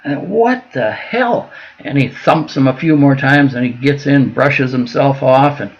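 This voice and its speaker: A man's voice: mid-range voice, fairly even intonation, normal speed, dull audio. An older man from Minnesota telling long stories as an interview guest, with lots of fillers and restarts. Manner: rambling with frequent fillers and restarts. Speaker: guest, veteran. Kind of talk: casual storytelling interview.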